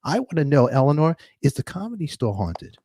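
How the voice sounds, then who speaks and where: A man's voice: fairly high pitch, sing-song, a little fast, dark tone, breathy edge. A man hosting a casual interview, asking short questions and tossing in brief reactions. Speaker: podcast host.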